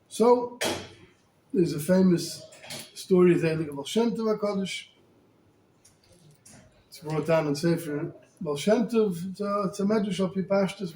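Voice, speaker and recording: A rabbi tells a story as a sermon, animated and colloquial, with Hebrew and Yiddish words mixed into his speech. His voice sits high for a man. It echoes in a roomy space with a faint ambience underneath. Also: a little hiss or hum.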